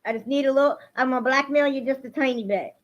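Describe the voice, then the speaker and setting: A woman chats on a livestream with a fairly high voice, her feelings running close to the surface and her talk turning into heated ranting. The audio is lo-fi and a bit muffled. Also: quick pace. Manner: emotional, swings into angry ranting. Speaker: livestream host. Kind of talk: casual livestream chat to viewers.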